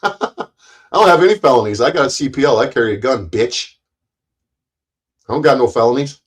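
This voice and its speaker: Man, livestream host, profane, confrontational, taunting, average pitch. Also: animated, moderate pace, low-quality recording. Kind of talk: livestream chat rant.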